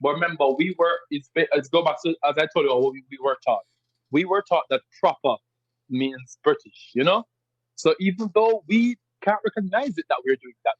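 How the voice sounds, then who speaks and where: Podcast guest, a man with a strong Jamaican accent: emphatic and husky, in a dry, dull-sounding recording. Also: fairly high pitch, dry recording. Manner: emphatic, animated explaining with repetitions. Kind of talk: podcast interview.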